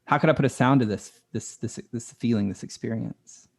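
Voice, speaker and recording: A man with a voice of ordinary pitch speaks as a coaching guest on a podcast. His talk is casual and earnest, full of loose filler words. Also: fairly quick, vocal fry. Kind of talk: conversational podcast interview.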